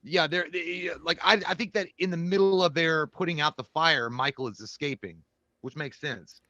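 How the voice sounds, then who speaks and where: A man's voice: on the high side, moderate pace, pushed and bright, no room sound, dull audio. A man co-hosting a casual podcast chat, cracking crude jokes between rambling points with many fillers. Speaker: podcast co-host.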